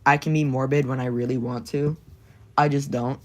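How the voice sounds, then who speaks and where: A man's voice: medium pitch, flat delivery, moderate pace. Young man, drawing stream chat, silly, rambling, playful. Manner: rambling and goofy, jumps between silly voices and whispers. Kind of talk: casual livestream chat while drawing.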